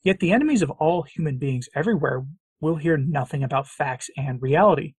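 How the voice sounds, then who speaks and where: A middle-aged man from the United States with a husky, slightly high voice hosts his own commentary show. He reads out news quotes and answers them with emphatic sarcasm and repeated phrases. His voice sounds dry and close. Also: fairly quick, a little mellow, dry recording. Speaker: commentary channel host.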